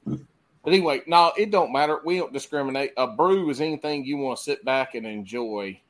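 A man's voice: mid-range voice, a little fast, fairly bright tone. A man hosting a podcast in loose, profane, casual chat. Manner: loose, profane, drawling Southern talk. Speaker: podcast host.

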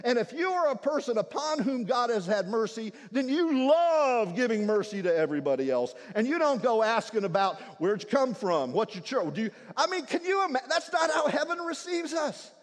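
A man preaching a sermon in a church, telling stories with humor and lively energy. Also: very high voice, moderate pace, few pauses. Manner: animated, humorous storytelling. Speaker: pastor. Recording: long hall reverb.

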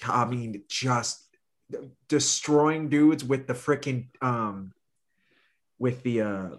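A man chatting casually as a podcast co-host. His pitch sits mid-range, and he talks with hype and slang, often restarting his sentences as he gets excited. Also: slow. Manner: enthusiastic, slangy, lots of restarts.

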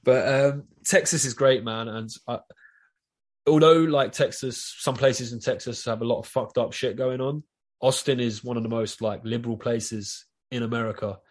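A podcast guest with a South East London accent rambles through a loose, casual chat, swearing a lot along the way. His voice is medium-pitched with fairly even intonation and a moderate pace.

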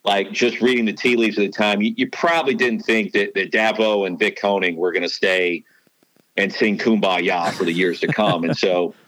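A man's voice: lowish voice, steady tone, normal speed, a bit bright, no room sound, poor audio. A man who works as a sports announcer and former beat reporter, telling stories in a rambling way with many restarts. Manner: rambling, full of restarts and fillers. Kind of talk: storytelling podcast chat.

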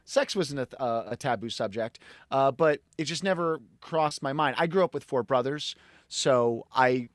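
A middle-aged man from Connecticut, a podcast guest telling animated, rambling stories in casual conversation. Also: medium pitch, moderate pace, no echo, clean studio sound. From Connecticut, USA.

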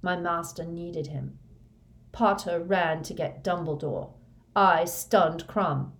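A woman reading a fanatical young male dark wizard's confession in a flat, hushed monotone. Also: on the low side, takes it slowly. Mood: confessing.

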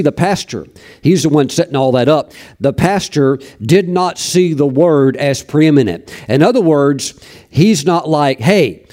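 This man preaches a sermon, spinning folksy anecdotes from his ministry and often restarting his sentences. His voice is warm and fairly high in pitch.

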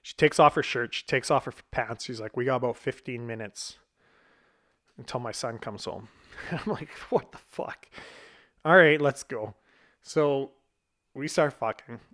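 A man's voice: mid-range voice, moderate pace, a bit bright. A man in his thirties telling a personal story in a casual, blunt way, swearing freely and chuckling at himself. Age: 30s. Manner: blunt and profane, laughing at himself.

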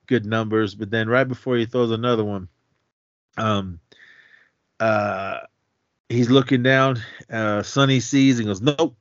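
A man's voice: medium pitch, no room sound. A man co-hosting a podcast, recapping a movie scene in casual chat, laughing often and acting out the lines. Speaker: podcast co-host. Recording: dull lo-fi dry audio.

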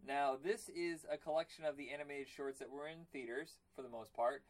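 A man hosting a podcast in a casual chat, rambling and excitable, often slipping into cartoon voices. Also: fairly high pitch, a little fast. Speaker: podcast host.

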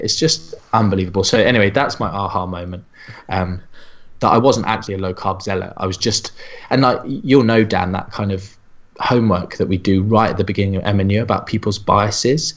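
Man telling animated stories, lo-fi sound. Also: fairly low pitch, a little fast. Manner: animated storytelling with quoted voices. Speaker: sports nutritionist. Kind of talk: casual podcast chat.

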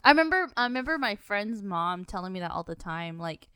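A young woman co-hosting a casual chat, an animated storyteller who laughs often and acts out the people she quotes. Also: mid-range voice, brisk, clean tone, no echo, studio quality.

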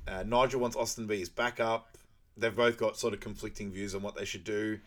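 A man co-hosting a podcast in a casual, loose way, swearing freely and bursting into loud mimicked lines as he recaps a film. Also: on the low side, fairly even intonation, a little fast. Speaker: podcast co-host.

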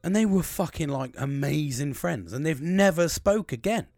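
British man, forties, rambling storyteller with a very lively pitch that swings high and low, constant swearing, dry close recording. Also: moderate pace, dry recording. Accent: British English. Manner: rambling, heavy swearing, laughing asides. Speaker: podcast host. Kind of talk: casual storytelling.

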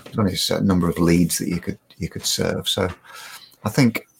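A man's voice: sits low, steady tone, brisk, creaky, a little hiss or hum. An older man, a guest telling stories in a rambling, self-mocking way, full of restarts. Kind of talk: casual storytelling.

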